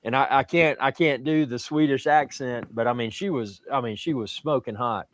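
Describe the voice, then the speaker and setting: A man's voice: mid-range voice, normal speed, hardly any pauses, slight background noise. A man with a Southern US accent, telling a rambling story on a livestream chat. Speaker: livestream guest.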